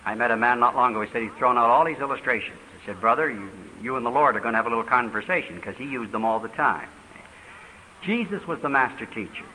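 An older man preaching in a question-and-answer session at a church, talking quickly with fervent emphasis. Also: mid-range voice, pushed and bright. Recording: reverberant hall, faint hiss.

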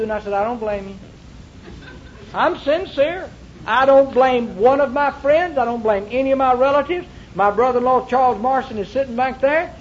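A man's voice: very high voice, highs cut off, a little hiss or hum. A male pastor preaching a sermon to a congregation, with emphatic repetition and rhetorical questions. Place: church before a congregation.

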